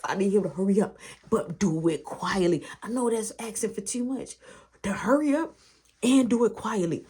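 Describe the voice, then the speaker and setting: A woman with a husky voice tells a story in casual slang, full of sound effects. Her pitch leaps around a great deal as she acts things out. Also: expressive, normal speed, warm tone. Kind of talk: animated storytime.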